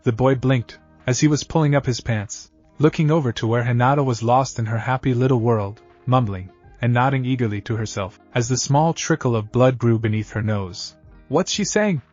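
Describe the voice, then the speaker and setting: A man reading scripted fan fiction narration in a steady, even way. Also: medium pitch, normal speed, hardly any pauses, no echo. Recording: dull lo-fi audio with faint music.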